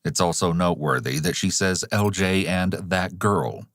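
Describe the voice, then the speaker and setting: A man giving scripted, measured documentary narration about a criminal case. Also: low-pitched, fairly bright tone, no room sound, studio quality. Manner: measured, analytical.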